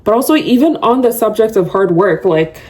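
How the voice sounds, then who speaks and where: Her mid-range voice has lively intonation, a darkish tone and a normal speed. Hosting a solo podcast, she speaks chattily to her listeners, laughing a lot and confessing her fondness for yapping.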